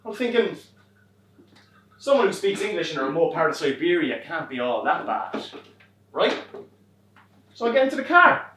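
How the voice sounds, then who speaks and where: A young Irish man performing a wry comic monologue on a theatre stage, swearing and animated as he tells a story. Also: on the high side, normal speed, pauses often, noisy background. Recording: roomy stage from far off.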